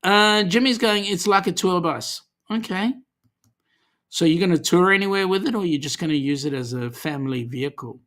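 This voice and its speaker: A man's voice: sits high, normal speed, a bit bright. An Australian man hosting a casual livestream, reading viewer comments aloud in a chatty, easygoing way with lots of ums. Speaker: livestream host.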